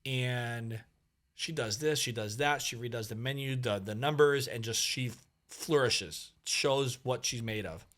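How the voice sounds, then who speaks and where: Animated storytelling man, podcast guest. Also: mid-range voice, unhurried. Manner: animated, acts out quoted dialogue, many fillers. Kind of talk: casual storytelling conversation.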